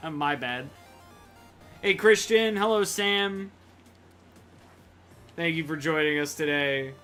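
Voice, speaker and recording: Bright, jokey male game streamer. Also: a little high, lively intonation, very slow, long pauses, soft background music. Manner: jokey, chatty, greets chat. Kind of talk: casual gameplay commentary.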